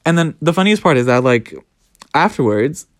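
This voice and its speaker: A young adult podcast host telling a story in a casual monologue, animated, profane and often laughing. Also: medium pitch, moderate pace, no echo, studio quality.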